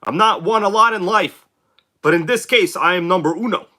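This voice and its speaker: Chatty New man, sick and bright. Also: sits high, normal speed. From New York City. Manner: chatty, jokey, greets viewers by name. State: sick, congested voice. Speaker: live stream host. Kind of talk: casual live stream chat.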